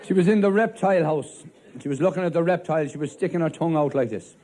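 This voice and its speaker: A fairly high-pitched Irish comedian does live stand-up in character as a policeman. He keeps a deadpan storytelling manner and rattles off one-liners, with faint laughter and noise from the crowd behind him.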